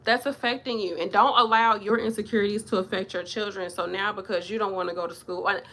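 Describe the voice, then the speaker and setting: A woman, a nurse talking casually to the camera, blunt and animated, swearing and laughing as she rambles. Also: quick pace. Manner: blunt, animated, swears and laughs, acts out patients in higher voices. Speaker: nurse vlogger. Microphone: camera mic.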